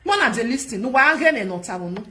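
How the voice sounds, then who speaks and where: Fast-talking and fairly high-pitched, a Nigerian woman with a Nigerian Pidgin accent hosts a vlog full of ranting and scolding. Her casual commentary is animated and she repeats herself to drive points home.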